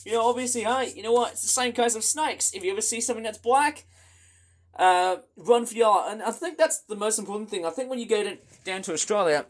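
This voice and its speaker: A man chatting excitably in a rambling casual vlog, full of fillers and restarts. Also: high-pitched, fast talker. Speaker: vlogger.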